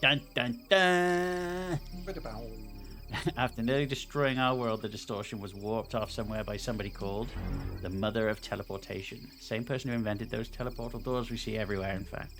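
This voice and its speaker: A man's voice: on the low side, fairly even intonation, fast. A man, a game developer, chatting casually on a stream and reading a game's story aloud with playful asides. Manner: rambling with fillers, playful asides. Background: game music.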